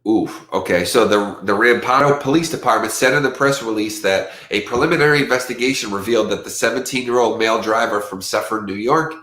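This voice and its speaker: Man, livestream host, casual rambling chat, stuffy from allergies, lowish voice, roomy echo. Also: fairly quick, few pauses. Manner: rambling, animated when quoting others. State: allergies acting up.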